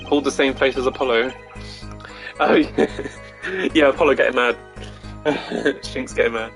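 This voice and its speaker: A man's voice: medium pitch, fairly even intonation, normal speed, fairly bright tone, soft background music, low-quality recording. Giggly, chatty male streamer. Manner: giggly, chatty, self-deprecating. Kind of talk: let's play commentary.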